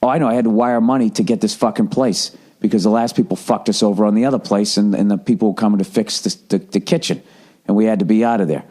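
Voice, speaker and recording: A man's voice: on the low side, steady tone, quick pace, warm tone. Exasperated, profane man ranting. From Massachusetts. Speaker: podcast host. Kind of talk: casual monologue.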